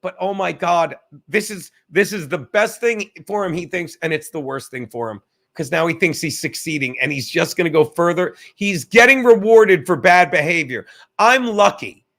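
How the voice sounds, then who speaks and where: A man's voice: on the high side, moderate pace, gravelly, fairly bright tone. A man hosting a podcast, talking in a rambling, profane and jokey casual monologue. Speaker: podcast host.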